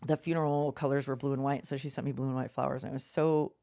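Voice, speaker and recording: Low-voiced woman, lively storyteller. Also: quick pace, creaky. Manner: animated storyteller, swears freely, acts out quotes. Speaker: podcast co-host. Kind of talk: casual podcast chat.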